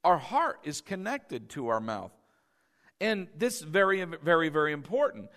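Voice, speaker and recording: Man, pastor, sermon, high-pitched, conversational, repeats for emphasis, echoey church. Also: very animated, normal speed, a bit bright. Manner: conversational, often checks in with the congregation; emphatic, repeats key phrases.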